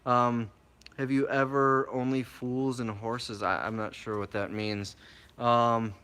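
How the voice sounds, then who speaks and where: A man casually answering viewer questions on a live stream, chatty and relaxed, reading each question aloud before he answers. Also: mid-range voice, slow pace, clean tone.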